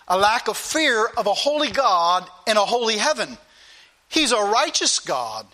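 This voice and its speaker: A male preacher with a high, bright, ringing voice delivers his sermon emphatically. He repeats key phrases for weight and talks straight to his listeners. His tone stays forceful from line to line. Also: big pitch swings, measured pace. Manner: emphatic, repetitive, addresses the congregation directly.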